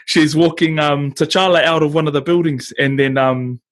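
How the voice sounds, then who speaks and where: A young podcast host with a slightly high voice chats casually with friends at a normal pace. He's animated and laughs a lot, acting out film lines in different voices.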